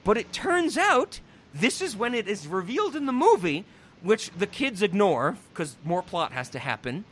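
A young man on a podcast, recapping a movie in casual comedic chat, swearing, laughing and acting out the characters. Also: high voice. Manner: animated, profane, laughing, acts out characters in quick voices. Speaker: podcast host reviewing a movie.

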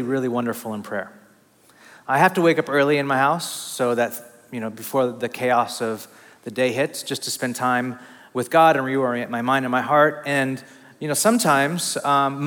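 A man in his thirties preaching a conversational sermon, an animated, self-deprecating storyteller with casual fillers. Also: mid-range voice. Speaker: pastor. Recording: long reverb of a large hall.

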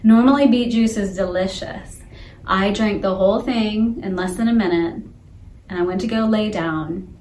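Woman, co-host, animated storyteller, middle pitch, echoey room. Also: normal speed. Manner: animated storyteller, laughing through her story. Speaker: podcast co-host and emotional intelligence coach. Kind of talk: casual chat.

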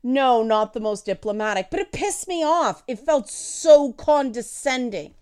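A woman in her thirties talks straight to her audience in an opinionated, unfiltered way, swearing freely and pressing her points hard. Her voice is smooth and clear, and she speaks in an unhurried, deliberate rhythm. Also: fairly high pitch. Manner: blunt and profane, animated and emphatic. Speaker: video commentator. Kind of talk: opinionated commentary to camera.

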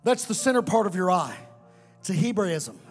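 High-pitched preaching man in echoing church. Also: animated, normal speed, faint music behind. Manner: preaching, sometimes shouting and chanting. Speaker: pastor. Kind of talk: fiery sermon. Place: church sanctuary.

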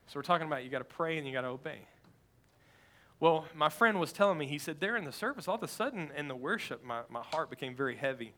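A man preaching as a pastor, telling a story in an animated way that builds to loud, fast passages. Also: on the high side. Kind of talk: sermon storytelling.

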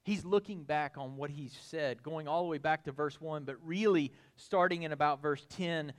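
A male pastor preaching an expository sermon, folksy and animated, building to excited emphasis. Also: fairly high pitch, moderate pace.

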